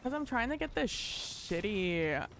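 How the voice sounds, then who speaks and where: A woman streamer narrates her own match live in a quick, foul-mouthed, excitable way, laughing often. Her voice sits at a middle pitch, with a faint hiss of noise behind it. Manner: profane, excitable, bursts of laughter. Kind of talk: live gameplay commentary.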